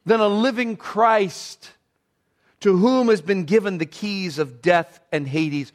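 A man preaching a sermon as pastor, slowing and rising in pitch to stress key words. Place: church sanctuary.

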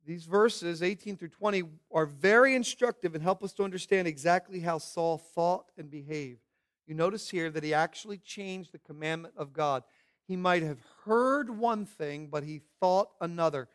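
A man preaching a sermon as pastor, animated and acting out characters' voices as he teaches. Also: on the high side, moderate pace, clear, resonant tone.

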